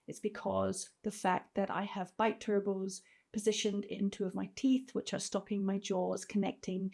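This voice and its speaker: A woman in her fifties talks straight to camera in a personal video diary. She speaks candidly, with open feeling. Her voice sits at a middle pitch. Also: a little mellow. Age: 50s. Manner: candid and heartfelt, openly emotional. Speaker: vlogger.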